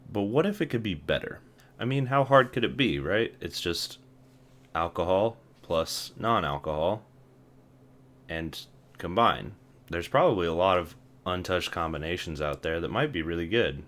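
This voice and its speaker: A man's voice: low-pitched, lively intonation, moderate pace, fairly bright tone. A young man hosting a casual vlog, wry and self-deprecating, often laughing at himself. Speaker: vlogger.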